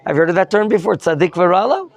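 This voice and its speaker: A man's voice: sits high, expressive, quick pace. A man teaching a Torah lesson as a rabbi, questioning his students and mixing in Hebrew terms. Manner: questions the students and prompts answers.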